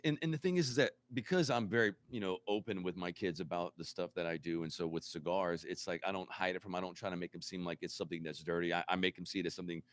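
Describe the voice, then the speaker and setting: Earnest low-voiced man. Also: quick pace, few pauses. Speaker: podcast co-host. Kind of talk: casual chat.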